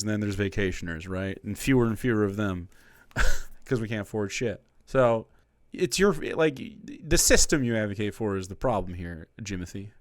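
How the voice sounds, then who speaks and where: A man's voice: fairly low pitch, no room sound. A man streaming live and reacting to a clip, swearing a lot, mocking it and laughing often.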